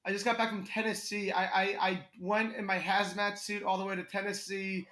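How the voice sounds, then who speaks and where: A man's voice: high-pitched, level tone, fairly quick, pushed and bright. A young man with a New York accent, a guest comedian in a casual podcast chat, telling stories animatedly and laughing often. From Connecticut. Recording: roomy echo.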